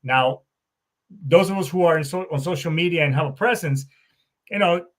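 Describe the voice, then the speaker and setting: A middle-aged American man hosting a podcast, telling stories in a profane, animated way and acting out both sides of conversations. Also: fairly high pitch, moderate pace. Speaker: podcast host. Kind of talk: casual storytelling monologue.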